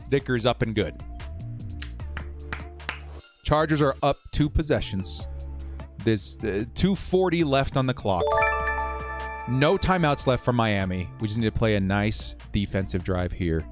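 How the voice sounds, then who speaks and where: A man hosting a live sports watch-party stream, cheering loudly one moment and muttering nervously the next. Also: mid-range voice, unhurried, pauses often, soft background music. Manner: excitable, swings from loud cheering to quiet nervous muttering.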